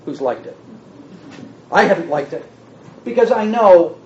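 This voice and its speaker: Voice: medium pitch, lively intonation, a little slow, darkish tone, slight background noise. A preacher teaching a sermon in an echoing hall, recorded with a dull, muffled sound. The delivery is teacherly and plays with word meanings, pressing the listeners with one rhetorical question after another.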